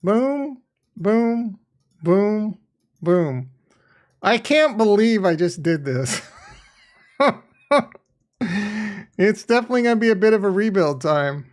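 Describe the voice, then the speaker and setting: A man's voice: high voice, a little slow, pauses often. Hyped-up guy streaming a crypto game, laughs a lot, rambles and swears. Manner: excitable, laughs often, swears casually; rambling, thinks aloud. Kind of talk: live stream commentary.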